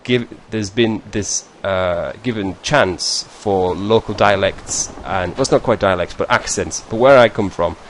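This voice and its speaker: A man from northeast England with a northern English accent speaks unhurriedly in a lowish voice, hardly pausing, over a little hiss or hum. Vlogging over a screen share, he chats casually to viewers, rambling, often correcting himself mid-sentence and adding chuckling asides.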